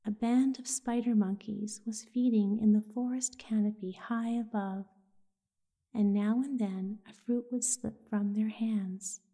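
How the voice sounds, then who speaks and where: A woman telling a sleep story in a soft, soothing whisper. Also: mid-range voice, steady tone, unhurried.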